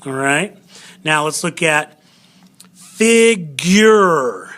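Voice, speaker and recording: A man gives a recorded spelling lesson at an unhurried pace. His voice is bright and sits a little high. He patiently sounds out syllables and spells words letter by letter. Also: lively intonation. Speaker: teacher.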